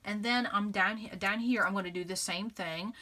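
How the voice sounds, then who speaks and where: Chatty bright-voiced woman crafter. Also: medium pitch, normal speed. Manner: chatty and upbeat, laughs often, thinks aloud with many fillers. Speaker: scrapbooking channel host. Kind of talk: casual crafting tutorial narration.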